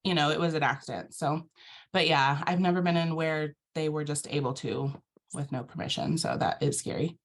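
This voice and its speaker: Female participant, lowish voice, casual chat on a video call, fumbles for words. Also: normal speed. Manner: chatty, searching for words. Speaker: workshop participant.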